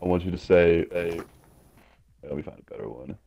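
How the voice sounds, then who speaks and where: Deep-voiced young man leading a game. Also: normal speed, creaky, warm tone. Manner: playful, bossy game leader reading prompts. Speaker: streamer. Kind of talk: casual gaming stream chat.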